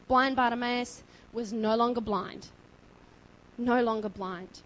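A woman's voice: sits high, normal speed, rough recording. Impassioned woman preaching. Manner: impassioned, building to loud emphasis. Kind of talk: sermon.

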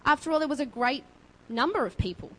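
A woman preaching a sermon, impassioned and building to loud emphasis. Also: high voice, expressive, fast, rough recording.

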